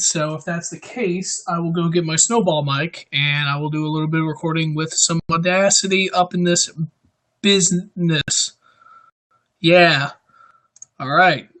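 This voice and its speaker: A man's voice: a little high, steady tone, moderate pace, sharp tone. A young man hosting a casual livestream, greeting viewers by name and joking around. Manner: chatty, greets viewers, jokey. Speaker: livestream host.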